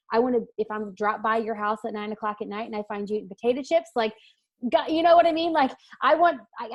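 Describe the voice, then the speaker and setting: A woman's voice: mid-range voice, darkish tone. Earnest emphatic woman coach. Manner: earnest and emphatic, with many fillers and restarts. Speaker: weight-loss coach, interview guest. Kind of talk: casual interview answer.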